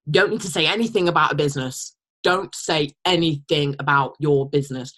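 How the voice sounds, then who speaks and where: Woman, team leader, blunt pep talk, casual swearing, lower-pitched voice, acts out example messages. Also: fairly quick, a bit bright. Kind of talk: team training call, motivational pep talk.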